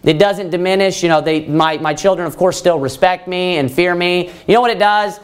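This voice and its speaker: Fairly high-voiced man preaching a sermon. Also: brisk, clear, resonant tone. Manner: rhetorical questions and emphatic repetition; many fillers of "you know" and restarts.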